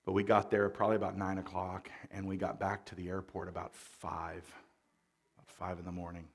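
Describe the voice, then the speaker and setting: In a church, a middle-aged pastor with a low, brisk voice gives a conversational sermon. His folksy storytelling is relaxed, joking, and full of fillers, and he gets louder and more forceful after the mic change.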